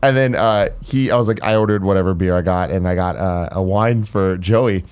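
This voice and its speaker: A man's voice: deep voice, brisk, a little mellow, smooth. A man co-hosting a podcast, telling a story in casual chat with rambling, enthusiastic talk. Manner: rambling, full of fillers and restarts, enthusiastic. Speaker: podcast co-host.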